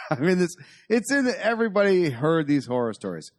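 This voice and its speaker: A man's voice: on the high side, sing-song, brisk. A man co-hosting a podcast, joking around, laughing often and swearing. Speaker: podcast co-host. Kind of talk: casual chat.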